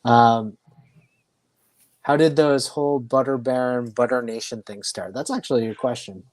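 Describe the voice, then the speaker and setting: A man hosting a casual live-stream chat, giving loose, friendly shout-outs with frequent ums. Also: medium pitch, normal speed, no echo. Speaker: host.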